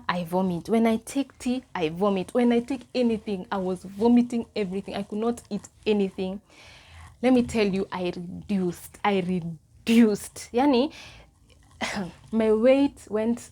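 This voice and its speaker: A young Kenyan woman with a Kenyan accent telling a personal story in a casual, animated way, slipping Swahili phrases into her English. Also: mid-range voice. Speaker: vlogger.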